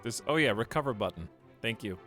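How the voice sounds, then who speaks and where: A man's voice: on the low side, expressive, fairly quick, a bit bright. Guy streaming a game, rambly chat with his viewers, voice bouncing up and down a lot, bit of music in the back. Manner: rambling, talks to chat while playing.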